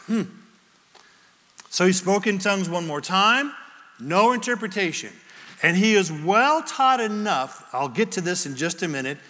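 A man pastor preaching a sermon, telling a story in a lively way and reading out scripture verses. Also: sits high, in a large hall.

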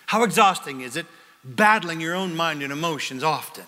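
Animated bright-voiced male preacher. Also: fairly high pitch, moderate pace. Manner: animated, acts out voices, asks the crowd questions. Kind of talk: sermon. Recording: long hall reverb.

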